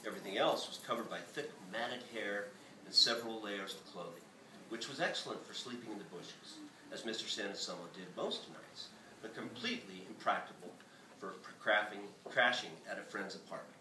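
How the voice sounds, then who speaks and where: A man, the author, reading his novel aloud in a bookstore with a lively, expressive delivery. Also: fairly low pitch, noisy background. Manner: lively, expressive reading with shouted character lines. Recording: echoey bookstore from far off.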